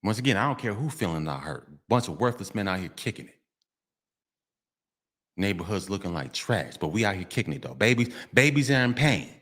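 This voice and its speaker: A man's voice: fairly low pitch, sing-song, fairly quick, fairly bright tone. A middle-aged man, delivering a street monologue vlog, preachy and repetitive, often breaking into sing-song refrains. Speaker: vlogger.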